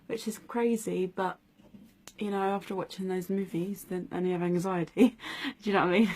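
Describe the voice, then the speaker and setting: A woman in her twenties telling a personal story in a vlog, speaking softly and hesitantly with many pauses and fillers. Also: medium pitch, fairly even intonation. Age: 20s. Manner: hesitant, many ums, soft-spoken. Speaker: vlogger.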